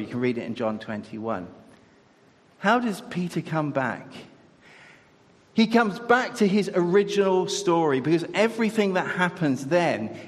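A man preaching a sermon in a conversational way, asking his listeners rhetorical questions. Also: on the high side. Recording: echoey hall.

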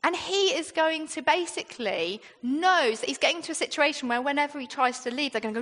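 A British woman preaches a sermon in a chatty, down-to-earth style, often putting rhetorical questions to the congregation. Her high, light voice is expressive and fairly bright, delivered briskly with few pauses. A long reverb carries it, like the sound of a large church hall.

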